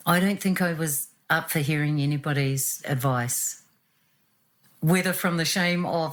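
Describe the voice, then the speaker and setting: A woman, telling her own story in an animated, reflective way and acting out what was said. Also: sits low, moderate pace. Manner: animated, acts out quotes with laughs.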